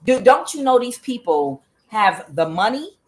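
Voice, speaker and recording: A woman's voice: fairly high pitch, very animated, unhurried. A woman hosting a tarot channel, talking in a blunt, profane, casual monologue full of fillers and laughs.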